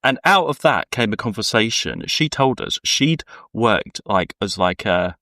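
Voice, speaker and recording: Guy cohosting a podcast, lowish voice, rambly stories, dry close sound. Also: expressive, measured pace, pushed and bright, dry recording. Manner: rambling storyteller, acts out quoted people. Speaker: podcast co-host. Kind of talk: casual chat.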